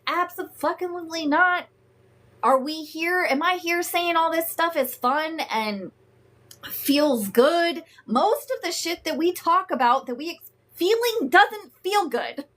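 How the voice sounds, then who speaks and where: Frank, unhurried woman coach. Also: high-pitched, lively intonation. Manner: frank, emphatic, profane, greets viewers warmly. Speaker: host and emotional wellness coach. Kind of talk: live-streamed teaching talk.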